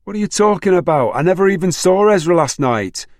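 A man narrating plays a middle-aged farm mother boiling with rage, her voice pushed high and loud into fierce shrill shouting. It stays dry and close, with a low male voice stretched far upward. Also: very animated, normal speed, husky, no echo, full character voice. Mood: furious.

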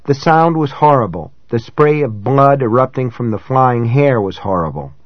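A man's voice: medium pitch, expressive, no echo. Man narrating a gripping novel, dry and dull-toned. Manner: measured, dramatic reading that rises for shouted dialogue. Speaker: audiobook narrator. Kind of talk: scripted first-person narration.

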